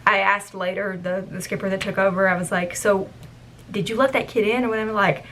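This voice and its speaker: Animated young woman telling a story. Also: mid-range voice, brisk, slight background noise, poor audio. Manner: animated, acts out quoted guests. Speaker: former theme park cast member. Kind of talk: casual storytime.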